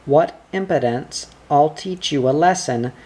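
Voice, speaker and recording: A blustering fat man in a storybook, scolding and bellowing at everyone in his way. A reader acts him out at an unhurried, deliberate pace. Under pressure he turns to stammering excuses. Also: mid-range voice, warm tone, slightly rough. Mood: angry.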